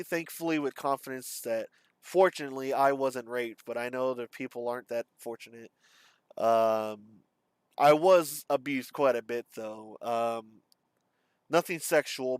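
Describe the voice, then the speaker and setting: A young man talking in a personal confessional monologue, halting and profane, full of fillers and restarts. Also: mid-range voice, clean tone, dry recording. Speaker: vlogger.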